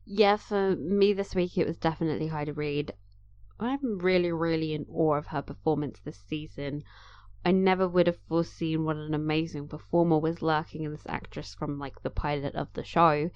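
A woman's voice: sits low, fairly even intonation, normal speed, clean tone. Chatty woman on a dull mic. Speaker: podcast co-host. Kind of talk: casual discussion of a TV drama.

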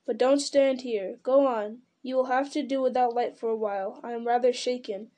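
A woman voicing a commanding old male wizard from a storybook, giving urgent orders in a forceful voice. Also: a little high, steady tone, moderate pace, natural voice. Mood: weary.

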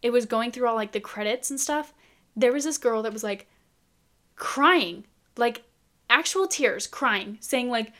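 A woman's voice: a little high, a little slow, a bit bright. A young woman vlogging in a casual, chatty way, full of incredulous rhetorical questions. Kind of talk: casual chat to camera.

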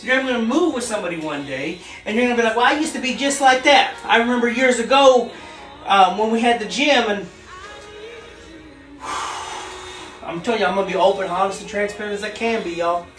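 Earnest woman preaching with soft music. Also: medium pitch. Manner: earnest, repeats phrases, slows down for scripture. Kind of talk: sermon.

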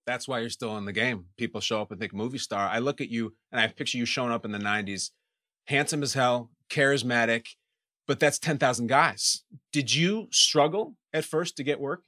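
A man's voice: mid-range voice, fairly quick, bright, forceful tone. A man hosting an interview quiz show, playful and using sports announcer lingo. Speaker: host.

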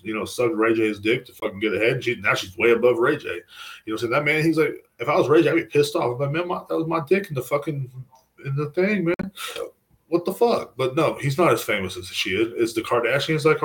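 A man's voice: mid-range voice, fast, fairly bright tone, rough recording. An American man hosting a podcast alone, ranting in a loose, profane, rambling way and tagging lines with "you know what I'm saying.". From United States. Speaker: podcast host. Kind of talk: casual solo podcast monologue.

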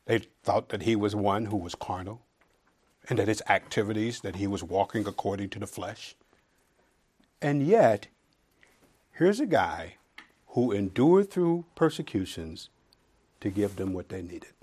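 A man giving a conversational Bible teaching, building to loud emphasis as he reads scripture and dropping into dry, sarcastic asides. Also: lowish voice, animated, unhurried, long pauses, slightly rough.

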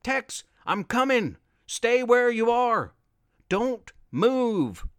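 A man's voice: low-pitched, big pitch swings, slow pace, no echo, studio quality, pitched below the performer's own voice, heavily acted. A man voicing an old grandfather, frightened and calling out urgently for his grandson. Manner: urgent shouting calls.

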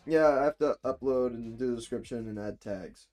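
A man's voice: mid-range voice, normal speed, darkish tone, soft background music. Swearing, bossy podcast host guy. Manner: bossy, joking, swears freely. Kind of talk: casual chat.

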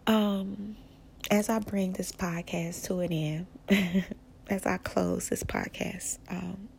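A woman hosting a casual spiritual podcast, speaking softly and often slipping into a whisper, rambling with restarts. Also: fairly low pitch, fairly even intonation, takes it slowly, vocal fry, a little hiss or hum. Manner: soft-spoken, often drifting into a whisper. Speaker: podcast host.

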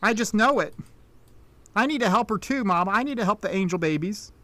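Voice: lively intonation, brisk, sharp tone, slight background noise. A game master voicing a sweet, chatty little girl who talks in an earnest, folksy way. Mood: pleading. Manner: high, earnest, folksy child's speech.

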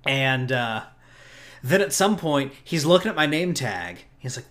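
A man's voice: medium pitch, expressive, measured pace, fairly bright tone. A man hosting a podcast, chatting casually and rambling, often laughing and restarting his sentences. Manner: rambling, chuckling, frequent restarts. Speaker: podcast host. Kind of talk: casual chat recapping a convention.

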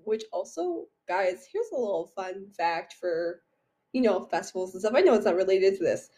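A young adult woman co-hosting a podcast, telling stories in animated casual chat full of swearing. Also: mid-range voice, moderate pace. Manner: profane, animated storytelling. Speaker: podcast co-host.

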